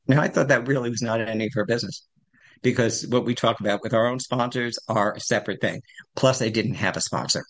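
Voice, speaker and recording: A man's voice: mid-range voice, fast talker, a bit bright. A man in his sixties telling his recovery story at a support meeting, rambling and self-deprecating. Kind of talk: personal recovery share.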